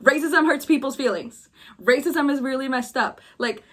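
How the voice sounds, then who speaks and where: A woman's voice: high voice, moderate pace. A woman creator venting in a casual chat, emphatic and repeating her points for force. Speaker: video creator.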